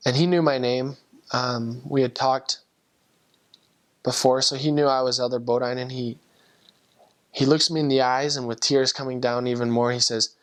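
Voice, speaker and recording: A man's voice: medium pitch, fairly even intonation, moderate pace, pauses often. A young man, a returned missionary, earnestly telling a personal story with heartfelt emotion and frequent restarts.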